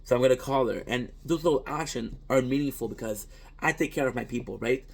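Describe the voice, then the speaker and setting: A man's voice: mid-range voice, a little fast, gravelly. A man whose first language is French, a content creator talking in a casual, reflective monologue. He is earnest and rambling, often restarts, and swears.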